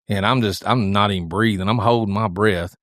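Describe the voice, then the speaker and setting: A man co-hosting a podcast, telling a hunting story in a casual, animated drawl full of restarts, recorded in a studio. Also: on the low side, a little fast, no room sound. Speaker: podcast co-host.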